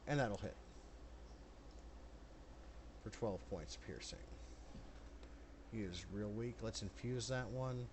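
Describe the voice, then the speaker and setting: A man narrates and rules as game master in a tabletop session, his voice sitting slightly low. He speaks bluntly and swears casually. The recording carries a clear layer of background noise. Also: slow pace, long pauses.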